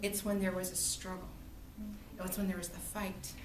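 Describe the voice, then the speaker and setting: Woman, literature teacher, high pitch, classroom lecture, animated storytelling, echoey distant recording, faint room noise. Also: moderate pace. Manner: animated storytelling with acted-out quotes.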